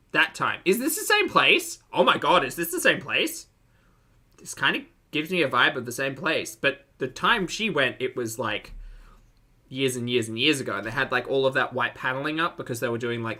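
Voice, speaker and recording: A man with an Australian accent giving casual reaction commentary, chatty and giggly, often breaking into loud excited laughter. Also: mid-range voice, a little fast.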